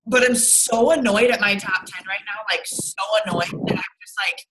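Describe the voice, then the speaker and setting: A woman's voice: mid-range voice, normal speed, few pauses, fairly bright tone, poor audio. A young woman leading her sales team over a video call, blunt and rambling, with lots of swearing and fillers.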